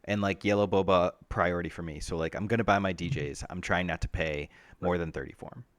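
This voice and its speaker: Male co-host, low, dry close mic, relaxed chatty delivery. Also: fast talker, no room sound. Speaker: podcast co-host. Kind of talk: casual chat.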